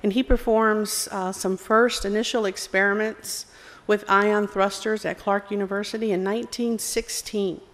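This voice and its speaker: A woman's voice: medium pitch, fairly even intonation, normal speed, a bit bright. A woman with a Southern US accent, a program executive giving a friendly, self-deprecating conference presentation with some fillers. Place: conference hall. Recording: long hall reverb.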